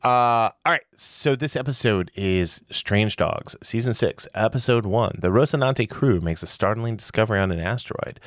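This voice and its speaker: A man's voice: fairly low pitch, animated, moderate pace, hardly any pauses, dry recording, studio quality. A man hosting a podcast in casual chat, rambling and joking with frequent restarts. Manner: joking, rambling, self-interrupting. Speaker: podcast host.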